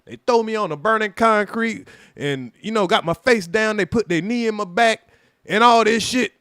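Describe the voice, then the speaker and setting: Animated profane man telling a story. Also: high-pitched, moderate pace, clear, resonant tone, no room sound, studio quality. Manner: animated, profane, acts out quoted voices loudly. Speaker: livestream host telling a personal story. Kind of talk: casual livestream storytelling.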